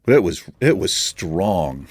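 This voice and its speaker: A deep-voiced gaming channel host from Virginia chats casually while playing a game, rambling and meandering as he goes. He's very animated but speaks at a slow pace, and the recording is dry.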